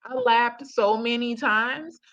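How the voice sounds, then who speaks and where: A woman's voice: on the high side, steady tone, takes it slowly, fairly bright tone. A talkative woman on a reaction channel, speaking in a slightly raised voice and slangy, loose phrasing. She laughs easily and talks to her viewers the whole time. The audio is dull and lo-fi. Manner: chatty, slangy, laughs often, addresses viewers as y'all. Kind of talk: casual reaction commentary.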